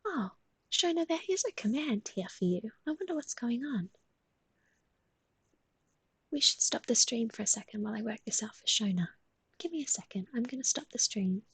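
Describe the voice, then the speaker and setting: A woman's voice: on the high side, lively intonation, normal speed, pauses often, fairly bright tone, slightly rough, dry recording, rough recording. A young woman hosting a livestream at home, mostly whispering as she coos baby talk to her pet, with sing-song improvised rhymes. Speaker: livestream host.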